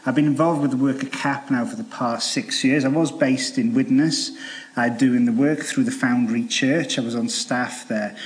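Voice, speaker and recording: Welsh man, thirties, earnest speaker telling his story to a church crowd, halting delivery. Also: medium pitch, steady tone. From Wales. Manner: earnest, halting with frequent fillers and restarts. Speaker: charity debt worker giving testimony. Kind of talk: testimony talk to a church audience.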